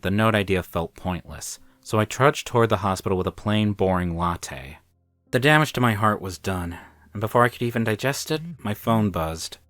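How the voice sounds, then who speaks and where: Man, scripted first-person narration, wry, dramatic, bright tone. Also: deep voice, no room sound.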